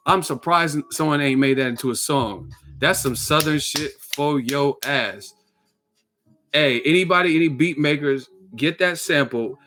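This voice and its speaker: A man's voice: mid-range voice, unhurried, a bit bright, soft background music. A man from the Bay Area hosting his own channel, giving a casual, joking, profane rant that is full of acted-out quotes. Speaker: boxing commentary channel host.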